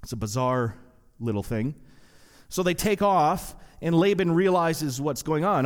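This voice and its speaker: A man preaching a sermon, retelling a story in a lively way with acted-out quotes and wry asides. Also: fairly high pitch, moderate pace. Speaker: pastor. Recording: long hall reverb.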